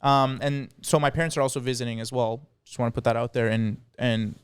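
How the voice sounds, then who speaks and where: A young man co-hosting a podcast, telling stories in a lively, slangy casual chat. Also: medium pitch, a little fast, clean tone, no room sound. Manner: animated storytelling, slangy. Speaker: podcast co-host.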